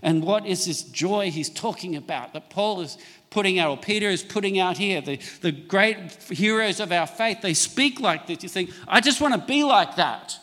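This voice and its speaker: A middle-aged man preaches a sermon in a high, ringing voice. He slows down to read scripture and asks the congregation for amens. His voice carries a long reverb through a church hall. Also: animated, sharp tone. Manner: preaching, quotes scripture with slowed emphasis, calls for amens. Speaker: pastor.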